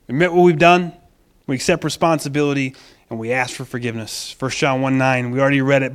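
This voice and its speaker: A man's voice: mid-range voice, fairly even intonation, fast talker, smooth. A man pastor preaching a sermon, emphatic, acting out quoted voices and repeating phrases for stress.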